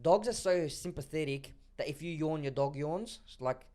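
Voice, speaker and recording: A man's voice: a little high, moderate pace, dark tone. A man chatting casually on a podcast, laid-back, saying "bro" often. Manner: laughing, says "bro" a lot. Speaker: podcast co-host. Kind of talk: casual chat.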